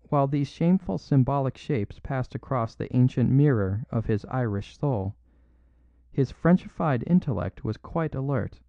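A man reads a classic story aloud in a measured, steady manner. His voice sits in a middle pitch, and the recording is dull and dry. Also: creaky, dry recording. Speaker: audiobook narrator. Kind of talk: scripted narration.

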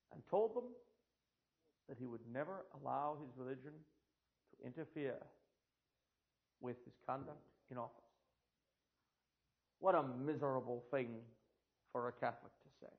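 A man's voice: medium pitch, gravelly. An older American man giving a history lecture to an audience, with sardonic, dry asides. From United States. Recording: tinny phone-like lo-fi recording.

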